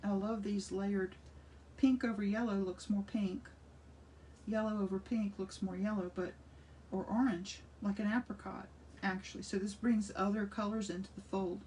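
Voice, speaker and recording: Older woman art teacher, chatty and enthusiastic, mellow tone, slightly off-mic with faint hum. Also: mid-range voice, flat delivery, moderate pace, recorded from a distance. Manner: chatty and enthusiastic, thinking aloud while working. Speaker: art instructor. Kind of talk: casual craft demonstration.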